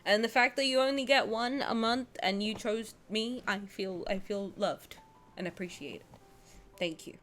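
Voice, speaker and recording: A woman streaming a game, talking casually with her chat, swinging from loud squeals to quiet mutters. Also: medium pitch, a little slow, a little hiss or hum.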